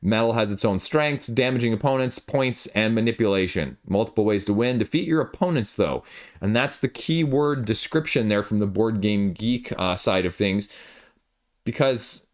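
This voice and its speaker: A man's voice: lowish voice, animated, moderate pace. A young man hosting a board game news show, chatting casually and rambling into self-deprecating asides, filmed at home late at night. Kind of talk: casual video commentary.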